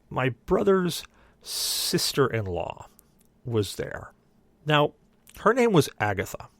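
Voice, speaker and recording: A man's voice: mid-range voice, no echo. A young adult man, a podcast co-host, telling a long story in casual chat and acting out the other people's lines. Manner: animated, voices others in quoted dialogue.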